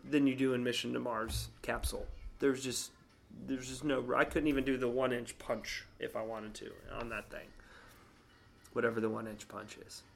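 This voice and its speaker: A man in his thirties telling a story casually, animated and swearing, acting out quotes in a higher voice. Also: gravelly, slight background noise. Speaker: vlogger.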